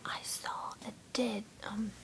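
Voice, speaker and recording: A woman's voice: slow, fairly bright tone. Whispering teen girl in her bedroom. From USA. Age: teens. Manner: whispering, rambling and goofy. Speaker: vlogger. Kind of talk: whispered casual vlog.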